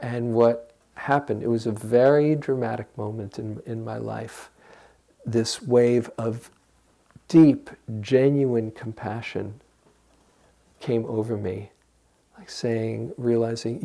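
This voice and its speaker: An older man giving a gentle, reflective dharma talk as a meditation teacher and guiding listeners through a practice. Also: mid-range voice, steady tone, takes it slowly, gravelly.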